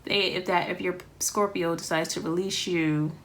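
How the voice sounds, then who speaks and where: A woman with a fairly low voice talks through a tarot reading in a loose, rambling way, pausing often with ums as she thinks aloud. A faint hiss sits under the recording. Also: fairly even intonation. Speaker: tarot reader.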